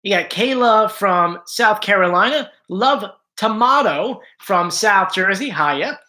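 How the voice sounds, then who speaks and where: A man's voice: high-pitched, expressive, slow, sharp tone. Guy doing a casual home livestream, chatty, says hi to everyone in chat, voice a bit worn. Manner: chatty, greets viewers by name. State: slightly strained voice. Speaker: live-stream host. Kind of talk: casual live-stream chat.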